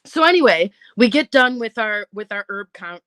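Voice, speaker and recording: A woman vlogger casually telling a story, animated, acting out what people said and laughing often. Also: mid-range voice, normal speed. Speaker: antiques vlogger.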